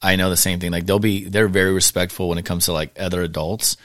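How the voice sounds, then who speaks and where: Podcast host guy, low voice, talks fast, chatty, dry mic. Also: flat delivery, a bit bright, no room sound. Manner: quick, chatty, laughs at himself. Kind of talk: casual interview chat.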